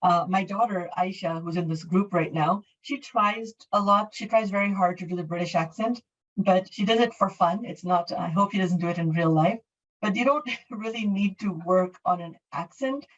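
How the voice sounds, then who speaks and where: A woman's voice: lowish voice, normal speed, recorded from a distance, lo-fi sound. A middle-aged woman from Canada teaching an English class online, explaining in a friendly way with many fillers and restarts. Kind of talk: online class, answering questions.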